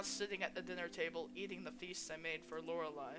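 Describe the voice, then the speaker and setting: A woman's voice: fairly low pitch, fairly even intonation, fast, a bit bright, faint music behind. A young woman reading a dating visual novel aloud in a casual manner, swearing freely as she plays. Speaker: let's play host.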